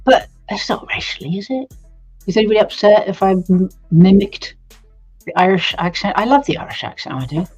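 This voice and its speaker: A woman from England telling a story in a casual, animated way on a live stream, laughing at times. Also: mid-range voice, brisk, slightly rough, faint music behind. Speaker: co-host. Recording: dull lo-fi stream audio.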